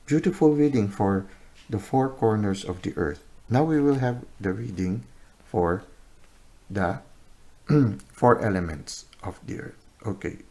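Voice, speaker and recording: Deep-voiced man giving a tarot reading. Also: animated, a little mellow. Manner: unhurried, many "uh" pauses, often ends with "no?" or "okay?". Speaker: tarot reader. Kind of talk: unscripted tarot reading to camera.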